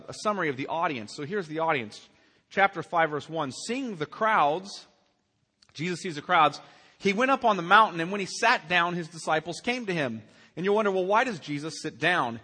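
A man's voice: on the high side, pushed and bright, husky, big-room sound. A man preaching a sermon as pastor, earnest and emphatic, asking his listeners questions. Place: church sanctuary.

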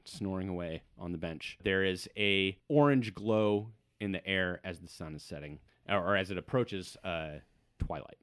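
Relaxed man narrating a tabletop game. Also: deep voice, normal speed, clear, resonant tone, dry recording, clean studio sound. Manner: descriptive, relaxed, occasional fillers. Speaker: game master.

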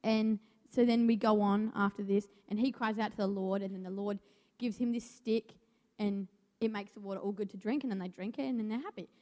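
A woman's voice: medium pitch, steady tone, brisk, warm tone. Young woman, nervous first-time preacher stumbling through scripture; reverberant hall. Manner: nervous, stumbling reading with restarts. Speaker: youth speaker. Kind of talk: church message. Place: church hall.

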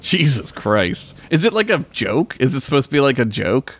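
Male podcast co-host, rambling, lively pitch, dry close sound. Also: moderate pace, no room sound. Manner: rambling, heavy on fillers like "like". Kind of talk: casual chat.

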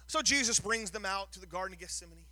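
A man's voice: high voice, fast talker, bright, forceful tone. A man preaching a sermon, telling the story with drama and rising to a sing-song, emphatic delivery, often repeating words as he builds. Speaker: pastor.

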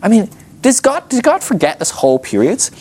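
A man teaching a Bible class, telling the story with animated energy and often laughing at his own points. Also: sits high, a little fast, husky. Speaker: ministry school teacher.

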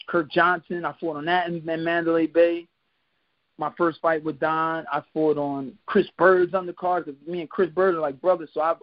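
The recording is dry, dull, and lo-fi, capturing a high-voiced man from Philadelphia, USA, telling stories on a podcast. A retired boxer appearing as a guest in a casual interview, he's an animated narrator who laughs frequently and acts out quotes.

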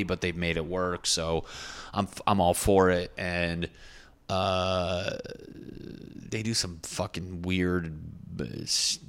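A man's voice: deep voice, a bit bright, clean tone. A young man, a stand-up comedian, casually telling a rambling, profane story and often correcting himself.

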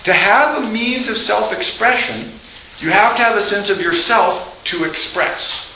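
Animated high-voiced male lecturer. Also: unhurried, gravelly. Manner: animated, acts out quoted dialogue with laughs. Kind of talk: classroom lecture. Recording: echoey room with faint noise.

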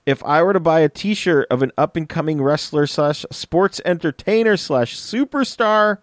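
A man's voice: a little high, normal speed, no room sound, studio quality. A young man co-hosting a casual podcast, reading listener questions aloud in an easygoing way. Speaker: podcast co-host. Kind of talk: casual chat.

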